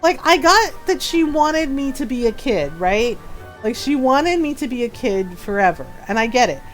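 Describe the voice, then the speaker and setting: A middle-aged woman, a gaming streamer, telling a story in casual chat, animated, laughing often and asking "right?" a lot. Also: sits high, moderate pace. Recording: faint music behind.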